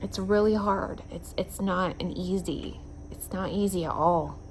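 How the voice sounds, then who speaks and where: Worn-out woman in pain, soft-spoken. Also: on the low side, a little hiss or hum. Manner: reflective, halting, many fillers, drops to whispers. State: in pain and tired. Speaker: vlogger recovering from surgery. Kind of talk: casual video diary. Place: outdoors in a backyard at sunset.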